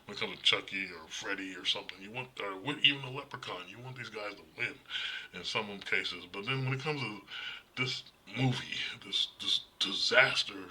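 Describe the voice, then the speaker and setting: A man's voice: lowish voice, a little fast, sharp tone, husky, rough recording. A man casually reviewing horror movies in a blunt, profane, rambling way, often restarting his sentences.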